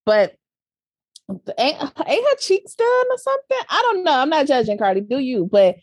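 A woman co-host trading gossip with blunt, animated opinions and plenty of laughter. Her voice sits somewhat high and is recorded close and dry. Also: moderate pace, no room sound. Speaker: podcast co-host. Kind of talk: casual gossip chat.

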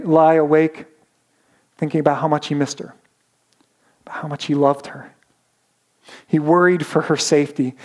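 A man preaching a sermon, telling a story dramatically and slowing down for emphasis. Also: fairly high pitch, darkish tone. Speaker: pastor.

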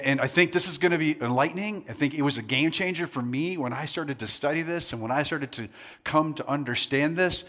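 A man's voice: medium pitch, a bit bright. A male pastor preaching to a live congregation, playful and joking, drawing the crowd into call-and-response before turning earnest. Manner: shifts from jokey banter to earnest preaching. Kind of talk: sermon. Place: church hall with a live congregation.

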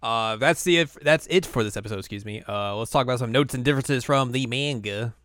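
Casual co-host, male, smooth and resonant, dry close sound, jokey recap delivery. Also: mid-range voice, a bit bright, no room sound. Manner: laid-back, joking, acts out characters in quick asides. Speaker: podcast co-host. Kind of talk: casual anime recap chat.

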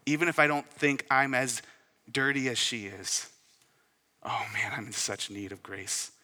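Man, young adult, pastor, sermon, even mid pitch, bright tone, loud peaks and soft asides. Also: a little slow, long reverb tail.

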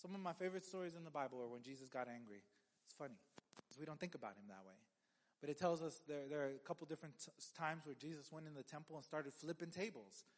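A man's voice: fairly high pitch, fast, in a large hall. A man preaching a sermon as a pastor, in a conversational way with joking asides and frequent restarts.

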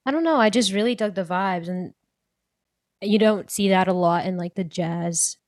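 In clean, echo-free studio sound, a young female podcast co-host chats away at a moderate pace. Her voice sits in the mid-range, and "like" keeps popping up as filler throughout her casual talk.

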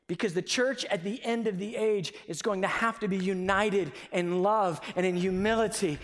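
A man preaching a sermon with passion, moving from quiet, conversational stretches to sudden shouted emphasis. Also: sits high. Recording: long reverb of a large hall.

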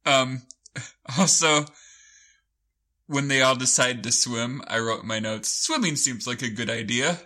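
A man's voice: medium pitch, a little slow, long pauses. A man co-hosting a podcast, chatting casually about a TV show with frequent laughter. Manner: amused, laughing often, animated. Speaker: podcast co-host. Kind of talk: casual chat recapping a TV show.

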